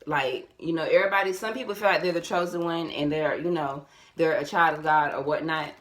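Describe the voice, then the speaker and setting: A young woman, casually telling a personal story to her viewers, animated and repeating herself, calling them y'all. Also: low-pitched, fairly quick. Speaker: vlogger.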